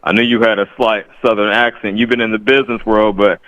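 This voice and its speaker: A man's voice: fairly low pitch, little pitch movement, fast, a bit bright, dry recording, low-quality recording. A man from the Bay Area calling in to chat about boxing, polite and chatty with plenty of fillers. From Bay Area, California. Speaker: caller. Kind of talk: casual call-in chat.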